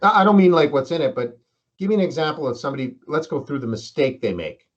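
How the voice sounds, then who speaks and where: A man's voice: fairly high pitch, expressive, quick pace, a little hiss or hum. A man hosting a casual interview, joking around and rambling through anecdotes. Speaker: interview host. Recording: dull lo-fi sound.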